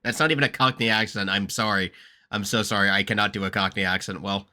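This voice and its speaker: Excitable, sharp-voiced man rambling through a reaction. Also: lowish voice, quick pace. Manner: rambling, excitable, swears freely and laughs often. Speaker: host reacting to a video. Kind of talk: casual reaction commentary.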